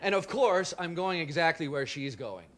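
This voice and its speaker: A young man doing a rambling, self-deprecating stand-up set, bursting into loud shouted impressions. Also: on the high side, lively intonation, moderate pace. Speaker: stand-up comedian. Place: comedy stage before a live audience. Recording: live club with audience laughter and noise.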